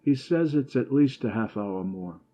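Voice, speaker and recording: A man's voice: mid-range voice, lively intonation, unhurried, highs cut off, close to an everyday voice. A man voicing a nervous, irritable young husband who complains anxiously.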